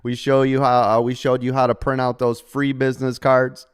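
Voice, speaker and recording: A middle-aged man hosts a live trading stream in a smooth, mid-range monotone at normal speed. Speaking casually to members, he mixes salesy pitching with jokes and a steady stream of rhetorical "right?"s.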